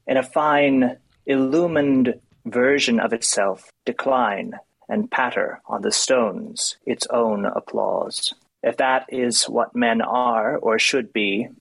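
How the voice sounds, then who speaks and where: Nasal man with a gravelly edge. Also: medium pitch, rough recording. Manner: thoughtful, hesitant with fillers. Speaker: poetry discussion co-host. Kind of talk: casual discussion and poetry reading.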